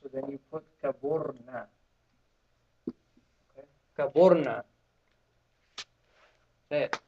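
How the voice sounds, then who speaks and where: A man's voice: mid-range voice, slow. A man teaching beginners Arabic in a classroom, drilling students with call and response. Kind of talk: classroom lesson. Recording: muffled lo-fi classroom recording.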